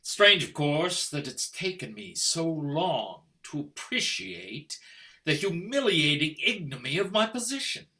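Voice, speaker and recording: An older man playing a cold formal husband, slow, bright, crisp diction, video call audio. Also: a little high, big pitch swings, heavily acted. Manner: cold, formal, sarcastic and menacing. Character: stiff, icy English husband Richard, middle-aged. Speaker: stage actor. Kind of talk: stage play reading over video call.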